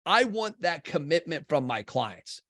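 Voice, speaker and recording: A man's voice: a little high, big pitch swings, measured pace, a bit bright, no room sound. A middle-aged man from Kentucky, a marketing company head, talking bluntly and intensely as a podcast guest and swearing casually. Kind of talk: blunt conversational interview.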